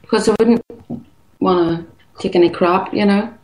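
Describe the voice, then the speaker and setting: A woman's voice: medium pitch, moderate pace, roomy sound, a crowd in the background, low-quality recording. A woman, calling in to a late-night show and chatting teasingly with the host. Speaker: caller. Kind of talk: casual chat.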